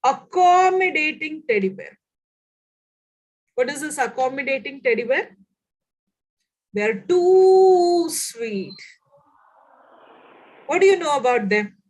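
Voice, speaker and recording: High-voiced Indian woman quizzing a class. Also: normal speed, rough recording. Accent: Indian English. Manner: lively, quizzes participants with frequent questions. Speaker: trainer in an online course. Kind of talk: interactive online lecture. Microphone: video call.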